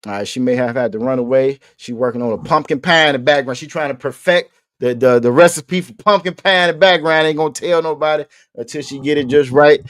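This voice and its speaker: A man's voice: fairly high pitch, brisk, hardly any pauses, fairly bright tone, dry recording. Guy teaching online class, patient, repeats stuff, jokes around, dry close mic. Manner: patient, repeats questions, casual joking with students. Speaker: language teacher.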